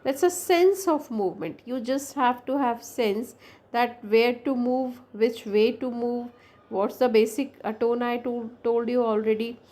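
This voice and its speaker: Indian english lady teacher, kinda high voice, lots of uh and restarts, lecture style. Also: unhurried, mellow. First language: Hindi. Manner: explains with many fillers and restarts, switches into Hindi. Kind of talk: classroom lecture.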